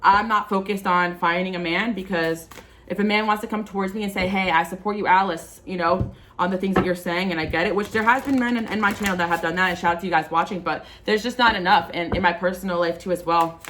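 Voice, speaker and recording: A woman's voice: on the low side, quick pace, fairly bright tone, slight background noise. A woman giving a tarot reading as a casual, impassioned, rambling monologue to her viewers. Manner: impassioned, rambling, frequent fillers. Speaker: spiritual tarot reader.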